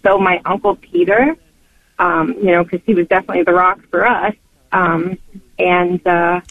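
A woman calls in to a radio show over a tinny phone line. She speaks hesitantly, with frequent pauses and fillers, in a dry, narrow sound. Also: on the low side, no echo. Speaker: caller. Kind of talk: call-in radio chat.

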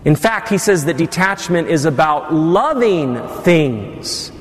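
Priest guy preaching, kinda high voice, long reverb from the church. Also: lively intonation, slow pace. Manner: preaching with teasing asides to the congregation. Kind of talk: sermon.

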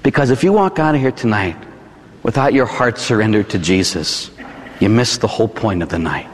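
A middle-aged man with a Pittsburgh accent delivers a sermon as a Catholic priest, his voice rising and falling in a lively, animated way. He preaches conversationally and keeps checking in with the congregation through quick tag questions. His words ring out with the long reverb of a large church. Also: fairly low pitch.

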